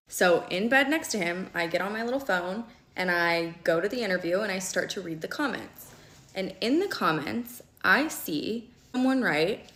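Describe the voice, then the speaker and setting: A young woman recounts a personal story straight to her viewers, talking quickly and with emphasis. Her voice sits on the low side for a woman, and the room gives it a noticeable echo. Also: pushed and bright. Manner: emphatic, fast, checks in with "okay?" often. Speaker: storytime vlogger. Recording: echoey room.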